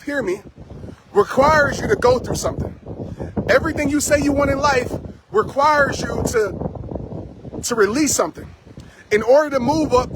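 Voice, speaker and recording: Intense high-voiced man preaching outdoors. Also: noisy background. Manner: intense and emphatic, repeating key lines like a preacher. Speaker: motivational speaker. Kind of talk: live-streamed motivational talk to a chat. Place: outdoors after a trail run.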